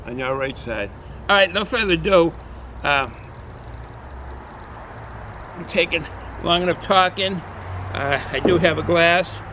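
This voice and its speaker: A man's voice: a little high, unhurried, pauses often, noisy background. Rambling Boston man reviewing beer outdoors. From New England, US. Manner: rambling, chatty, repeats himself with frequent fillers. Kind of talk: casual beer review vlog. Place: outdoors in cold weather.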